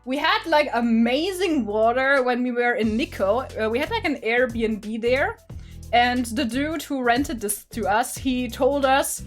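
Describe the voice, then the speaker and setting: A woman with a high, bright voice chats through a haul at home, rambling from one thought to the next and laughing as she goes. Soft music plays faintly under her voice. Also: lively intonation, measured pace. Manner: chatty and rambling, with restarts and frequent laughs. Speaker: streamer and vlogger. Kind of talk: casual unboxing haul chat. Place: home room.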